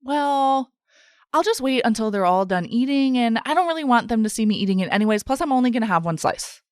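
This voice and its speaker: Inner voice of a stressed dieter, put on by a woman podcast host, self-critical, frets aloud, lively pitch, dry sound. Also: fairly quick, clean tone, no echo, close to an everyday voice. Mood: self-arguing. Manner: frets and argues with herself.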